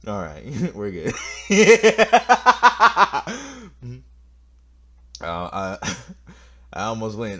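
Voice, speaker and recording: A man's voice: fairly high pitch, huge pitch swings, very slow, long pauses, sharp tone, slightly rough. A man commenting playfully on a video game as he plays, laughing often. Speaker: let's play host. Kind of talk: gameplay commentary.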